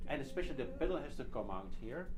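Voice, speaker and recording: A man's voice: mid-range voice, lively intonation, fast talker, very noisy. A man teaching a carillon masterclass, patiently coaching a student and singing out rhythms in syllables. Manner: patient, sings out melodies in syllables. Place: carillon tower with bells ringing.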